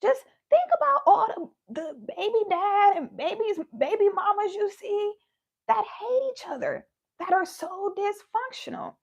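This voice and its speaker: A woman hosting a passionate live talk to her viewers, emphatic and laughing often, swinging from loud to hushed, and losing her voice. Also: very high voice, lively intonation, unhurried, vocal fry, dull audio. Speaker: spiritual video host.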